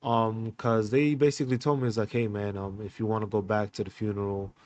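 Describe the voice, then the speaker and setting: A man hosting a podcast, telling a personal story in a candid, halting way with many fillers and restarts. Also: fairly low pitch, flat delivery, darkish tone. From United States. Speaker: podcast host.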